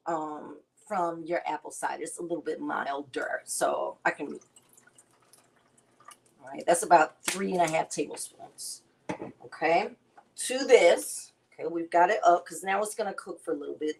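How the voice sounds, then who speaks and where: A woman's voice: lowish voice, darkish tone, slight background noise, low-quality recording. A woman, chatting to viewers as she hosts a casual cooking demonstration. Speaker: cooking show host.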